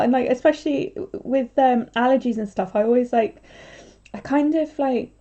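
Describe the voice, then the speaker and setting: A woman's voice: a little high, a little fast, mellow, dull audio. A young woman chatting casually on a craft livestream, rambling with lots of filler words.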